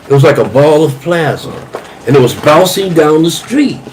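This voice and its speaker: A man's voice: on the high side, animated, moderate pace, a little hiss or hum, rough recording. A man casually recounting a story and repeating key details as he goes. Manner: repeats himself while telling a story.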